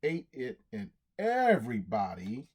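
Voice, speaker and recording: A man reading a storybook aloud in an animated way, acting out cheers and sound effects. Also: medium pitch, measured pace, husky.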